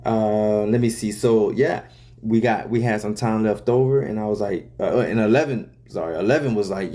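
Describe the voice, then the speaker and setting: A man's voice: on the low side, moderate pace, dark tone. A man, a rapper, casually explaining the story behind his song's lyrics in loose, profane talk full of fillers.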